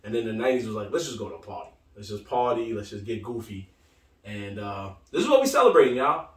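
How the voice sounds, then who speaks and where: Laughing animated man in an echoey room. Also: fairly low pitch, a little fast. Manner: animated storyteller, acts out voices, laughs often. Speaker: podcast co-host. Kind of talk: casual chat. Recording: roomy echo, mic from a distance.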